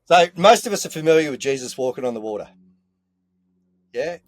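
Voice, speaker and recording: Earthy, animated Australian man. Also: fairly high pitch, a little fast, no echo. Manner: animated, earthy, sprinkles in mild swearing. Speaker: podcast guest. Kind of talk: casual storytelling chat. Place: inside a caravan.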